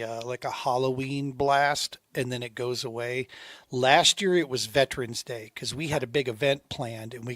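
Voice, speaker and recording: A middle-aged man hosting a podcast, talking in a relaxed, rambling way and calling his guest "dude" and "man". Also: mid-range voice, no room sound, clean studio sound. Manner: laid-back, rambling, says dude and man often. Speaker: podcast host. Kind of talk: casual interview chat.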